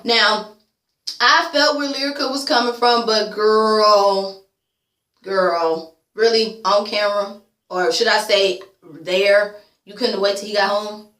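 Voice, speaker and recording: A woman's voice: mid-range voice, fairly even intonation, takes it slowly, long pauses, a bit bright, roomy sound. A woman vlogger giving a casual recap, blunt and sassy, swearing freely and calling people "girl". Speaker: YouTube vlogger reviewing a reality show.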